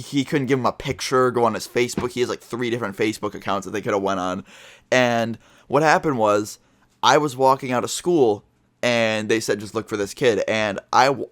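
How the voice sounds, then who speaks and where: A man's voice: on the low side, no room sound. A teenage boy vlogging a storytime, talking casually with lots of fillers and swearing. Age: teens. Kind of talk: storytime vlog.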